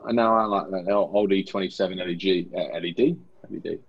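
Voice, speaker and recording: Deep, husky deadpan British man. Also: fast talker, lo-fi sound. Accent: British English. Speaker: podcast co-host. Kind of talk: scripted comic pub banter.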